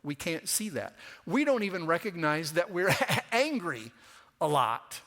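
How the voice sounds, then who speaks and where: A man's voice: on the high side, big pitch swings, unhurried, a bit bright. A middle-aged man preaching a sermon in a conversational way, sometimes acting out the voices of the people he quotes, in a church. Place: church sanctuary. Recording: long church reverb.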